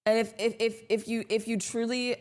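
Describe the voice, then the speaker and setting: A young woman live streaming, chatting casually with her viewers in a sarcastic, deadpan, teasing way. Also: a little high, normal speed.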